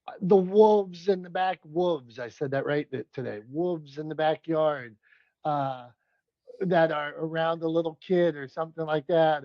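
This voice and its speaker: A man with a high voice co-hosts a podcast, steering the chat upbeat and quick with little asides. His sound is dry and close with a dull, lo-fi edge. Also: no echo. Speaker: podcast co-host. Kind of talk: casual comedic chat.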